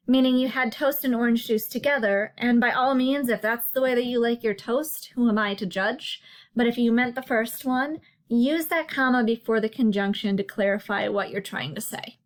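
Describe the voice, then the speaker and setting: A woman narrating a slide lesson as a writing tutor, explaining patiently and slowing down to stress each example. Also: fairly high pitch. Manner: clear, patient explaining with slow emphasis on examples.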